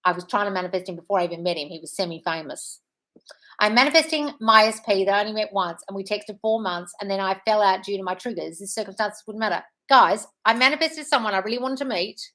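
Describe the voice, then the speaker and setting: A woman's voice: mid-range voice, fast, pushed and bright. A woman hosting a live Q&A as a manifestation coach. She reads out viewer questions and answers them in a frank, breezy way, calling her listeners "darling". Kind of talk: casual live-stream chat, reading viewer questions.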